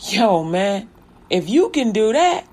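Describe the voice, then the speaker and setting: Greedy scheming mayor done by a lady storyteller, loud and brash, slangy. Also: mid-range voice, very animated, slow pace. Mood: eager.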